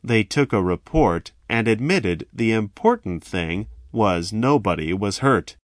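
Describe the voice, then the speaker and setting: A man telling a first-person story in a slow, measured, dramatic way. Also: on the low side, lively intonation, no room sound, clean studio sound.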